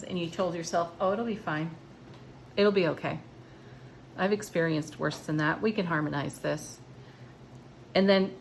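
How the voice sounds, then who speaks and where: A woman giving a tarot card reading in a gentle, encouraging, spiritual manner. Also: medium pitch, a little hiss or hum. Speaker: tarot reader.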